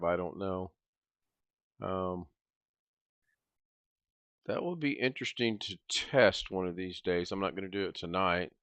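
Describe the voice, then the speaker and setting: A man's voice: on the low side, a bit bright, clean tone, no echo. A man hosting a casual video-call livestream, talking in an easygoing, rambling way and thinking aloud. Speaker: host.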